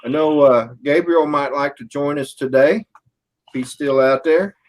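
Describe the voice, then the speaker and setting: A man hosting a livestream, reading out viewer comments in a relaxed way. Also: on the high side, unhurried, low-quality recording. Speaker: stream host reading chat. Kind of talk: casual chat.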